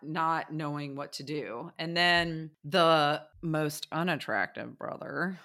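A woman chatting casually and telling a story in an animated way, acting out the people and sounds in it. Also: deep voice, slow.

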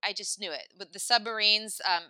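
Chatty woman in her thirties, crisp voice, dry booth sound, podcast storyteller. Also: medium pitch, fairly quick, no room sound. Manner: chatty, lots of "like", animated asides. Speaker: podcast host telling a story. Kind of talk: casual storytelling chat.

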